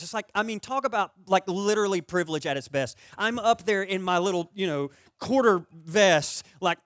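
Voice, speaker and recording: A man preaching a conversational sermon as pastor, telling stories with animated, comic energy. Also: brisk, few pauses, no room sound, clean studio sound. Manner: animated storyteller who gets loud and high-pitched in comic stories.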